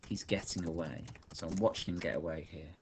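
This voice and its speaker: Male teacher, low voice, slow think-aloud dictation at the keyboard. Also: steady tone, vocal fry, darkish tone, slight background noise. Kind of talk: online writing lesson while typing.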